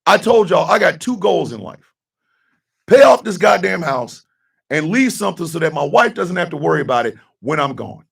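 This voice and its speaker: A middle-aged man delivers a blunt, profane monologue on his radio talk show, repeating his points for emphasis. His voice sits fairly high and sounds gravelly and husky. He is heard from a short distance off the mic. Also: big pitch swings, moderate pace.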